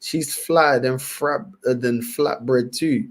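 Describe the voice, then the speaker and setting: A young man with a London accent hosts a livestream and reacts to clips in loose, slang-heavy chat. He laughs often and circles back to the same phrases. His voice sits at an ordinary pitch for a man. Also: slow pace. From England. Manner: animated, laughing, repetitive slang-heavy banter. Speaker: livestream host.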